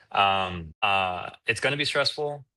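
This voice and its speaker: An entrepreneur answers interview questions in a candid, casual chat, rambling with fillers and restarts. His voice is on the low side, animated and slow, with a pushed, bright sound.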